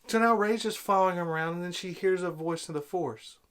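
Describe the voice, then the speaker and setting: A man's voice: high voice, fairly quick, a bit bright, smooth. A man giving an angry, sarcastic movie review rant, exasperated and repeating himself. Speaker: video blogger.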